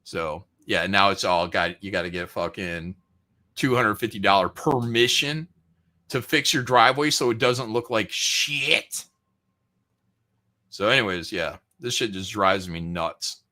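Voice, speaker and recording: A man's voice: on the low side, unhurried, sharp tone. A man ranting profanely and mockingly in a casual podcast chat, often mimicking other people. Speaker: podcast host.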